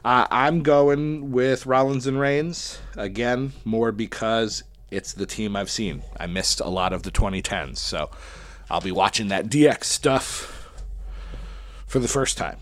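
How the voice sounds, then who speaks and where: A man's voice: mid-range voice, measured pace, no room sound. A man casually talking through his picks for a wrestling tournament, chatty and thinking aloud as he goes. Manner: chatty, thinking aloud while picking winners. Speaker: wrestling podcast host. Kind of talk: casual solo commentary.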